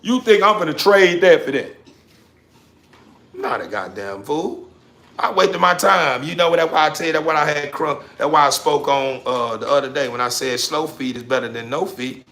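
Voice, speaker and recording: At a moderate pace and with a creaky voice, a social media commentator preaches straight at his audience in a street-talk motivational rant. He keeps restating his message, dropping to a mutter before erupting into loud emphasis.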